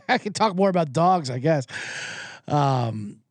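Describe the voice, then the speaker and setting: A man's voice: fairly high pitch, slow pace, no room sound, clean studio sound. A man hosting a sports show, rambling through a casual, profane monologue. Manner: rambling and profane, with animated impressions.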